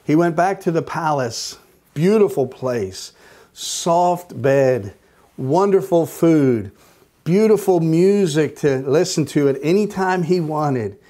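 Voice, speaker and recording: A man leads a Bible study in a slow, deliberate teaching voice. His tone is mellow and fairly high-pitched. He retells the story with emphatic repetition. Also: expressive.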